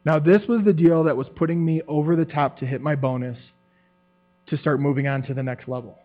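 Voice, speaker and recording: A man tells his testimony to a church group, his voice sitting a bit high as he animates the story and acts out what others said. The sound is thin and phone-like, with a steady mains hum underneath. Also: brisk. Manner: animated storytelling, acts out quotes, laughs often. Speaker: church member giving a testimony.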